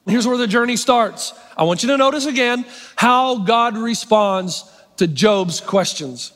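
A middle-aged male pastor delivers a sermon in a strikingly high voice, full of wry, self-mocking asides before he turns to earnest, animated preaching. His words ring out with a long reverb, as in a large church sanctuary. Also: normal speed.

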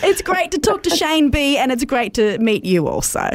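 A woman's voice: high-pitched, sing-song, moderate pace. A woman co-hosting a live radio interview, giggly and encouraging. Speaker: radio co-host.

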